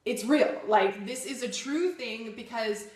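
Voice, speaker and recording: A woman's voice: a little high, unhurried, a little mellow, roomy sound. Upbeat woman co-hosting a fitness chat. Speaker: fitness show co-host. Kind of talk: casual live-stream chat.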